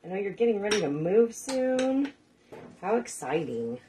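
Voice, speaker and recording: A woman's voice: medium pitch, very animated, unhurried, mellow, a little hiss or hum. A middle-aged woman hosting a casual cooking livestream, chatting with viewers, swearing casually and laughing often. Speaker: cooking show host.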